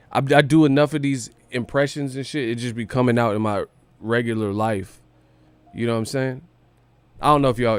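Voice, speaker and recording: A man's voice: fairly low pitch, clear, resonant tone. A man hosting a live commentary stream, talking in slangy, profane, joking chat and laughing often. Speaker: host. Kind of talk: livestream commentary.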